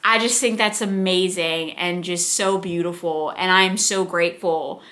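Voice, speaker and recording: A woman's voice: fairly low pitch, steady tone, unhurried, a bit bright. A young woman from the United States, chatting casually and gushing about books, with rambling asides. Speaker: book vlogger. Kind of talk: casual chat.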